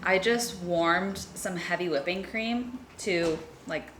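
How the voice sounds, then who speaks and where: Young woman vlogging in her kitchen, chatty and upbeat, lowish voice, faint room sound. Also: slow, a bit bright, slight background noise. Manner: chatty, upbeat, self-deprecating. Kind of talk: casual chat while baking. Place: home kitchen.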